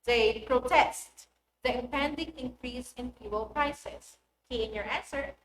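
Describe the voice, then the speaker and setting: A woman teaching an online English lesson, speaking in a clear and deliberate instructive manner. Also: on the high side. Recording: echoey room with faint noise.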